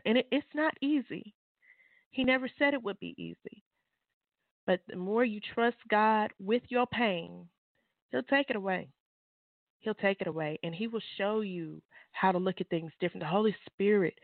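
A woman's voice: moderate pace, no room sound. Fervent woman on a tinny phone line. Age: adult mother. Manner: fervent, preachy, swings into high exclamations. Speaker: author and guest. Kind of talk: testimony on a call-in show.

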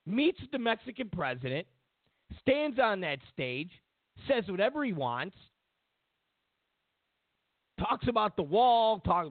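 A man's voice: sits high, sing-song, unhurried, pauses often, no echo. A man hosting a political commentary show, ranting sarcastically and mocking others in put-on voices. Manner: sarcastic, mocks others in exaggerated voices, repeats himself for emphasis. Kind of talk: opinionated political rant. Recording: dry, phone-like narrow sound.

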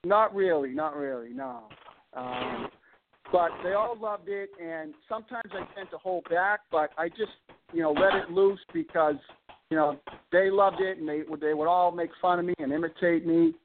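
A man's voice: high-pitched, animated, normal speed, vocal fry, noisy background. A man with a Boston accent, a modest and hesitant interview guest who speaks with lots of fillers. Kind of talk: casual interview chat. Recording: tinny phone line.

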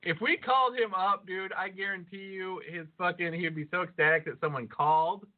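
A man co-hosting a podcast in excitable, profane casual banter, laughing often. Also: high-pitched, fairly quick. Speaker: podcast co-host. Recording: phone-like lo-fi audio.

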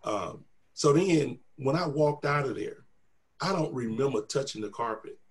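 A man's voice: mid-range voice, measured pace. A middle-aged man telling a personal testimony, animatedly acting out the voices of the people in his story. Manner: animated, acts out quoted voices.

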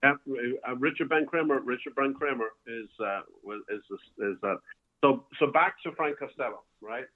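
A man, a bar owner, telling a rambling story at an ordinary pitch. He keeps restarting and filling gaps as he goes. His voice comes through a tinny, phone-like line. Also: normal speed. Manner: rambling, with many restarts and fillers. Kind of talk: casual storytelling. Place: home, calling in by phone.

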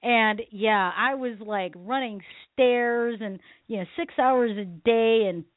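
Animated woman host on a tinny line. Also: on the high side, slow, dry recording. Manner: animated storytelling, laughs often. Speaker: talk radio host. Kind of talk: casual radio chat. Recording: tinny phone-line sound, dry.

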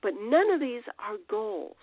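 A woman's voice: a little high, very animated, measured pace, no room sound. Woman host on a tinny phone line. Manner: conversational, rambling with restarts and fillers. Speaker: podcast host. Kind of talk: informal spiritual teaching.

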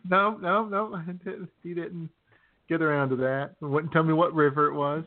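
A man's voice: fairly high pitch, steady tone, moderate pace. A man hosting a casual talk show, telling an anecdote and chuckling between lines. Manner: laughing through his anecdote, with restarts. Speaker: show host. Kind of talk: casual chat, storytelling. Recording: phone-quality audio.

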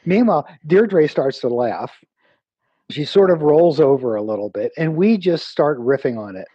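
A man's voice: a little high, normal speed, breathy edge, no echo, dull audio. A man being interviewed as an author, telling a story with animation and acting out the lines of the people in it. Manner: animated, acts out quoted dialogue. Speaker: author and guest.

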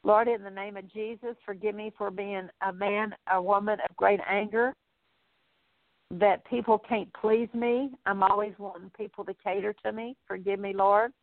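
Female minister, earnest repentance prayer in litany form; mid pitch, dry phone-line sound. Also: no room sound. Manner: earnest, repetitive litany-like pleading.

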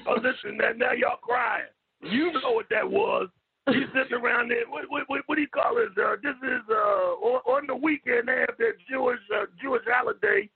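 A man co-hosting a call-in show, teasing the others loudly with brash jokes and stammering restarts. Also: very high-pitched, big pitch swings, normal speed. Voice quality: raspy, gravelly. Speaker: co-host. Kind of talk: loud joking radio banter. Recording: tinny phone line.

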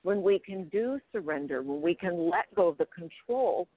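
A woman's voice: fairly low pitch, expressive, moderate pace, no room sound. A woman hosting an interview, encouraging and explaining ideas to her listeners. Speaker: host. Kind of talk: interview over the phone. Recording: dry tinny phone line.

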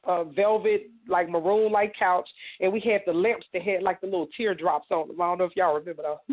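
A woman from Indiana, an interview guest, giving a halting personal testimony full of "you know.". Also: fairly low pitch, steady tone. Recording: tinny phone line.

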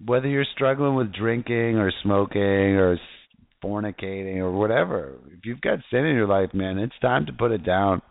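A man's voice: fairly low pitch, moderate pace, gravelly, dry recording. Guy preaching and reading psalms, gets all fired up talking to the listeners, sounds like a phone line, dry. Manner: fervent, exclamatory, addresses listeners directly. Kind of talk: casual preaching with scripture reading.

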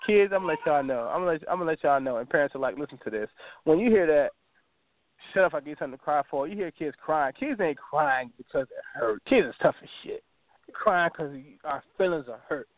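Fast-talking man on a tinny line. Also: fairly high pitch, no room sound. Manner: loose storytelling, slangy and animated. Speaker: podcast co-host. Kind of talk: casual chat.

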